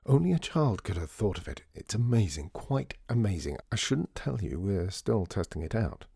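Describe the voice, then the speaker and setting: A man voicing a charming, smooth-talking showman in a storybook reading, theatrical and persuasive. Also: lowish voice, big pitch swings, moderate pace, mellow, no room sound, clean studio sound, heavily acted. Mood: conspiratorial.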